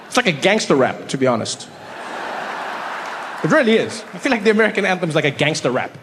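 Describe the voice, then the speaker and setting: A man performs stand-up comedy with a fairly high voice and lively, animated storytelling. The sound carries the long reverb of a large hall, with faint ambience behind him. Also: quick pace, a little hiss or hum.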